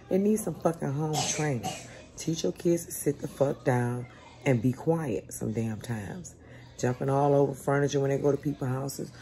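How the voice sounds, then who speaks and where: A woman's voice: a bass voice, mellow. A woman in her forties telling a story in a casual, blunt and profane way. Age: 40s. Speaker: vlogger.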